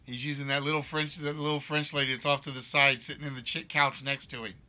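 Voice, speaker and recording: A man hosting a live-streamed quiz game, reading questions slowly and repeatedly and teasing the players and chat playfully. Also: medium pitch, level tone, pushed and bright. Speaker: game show host.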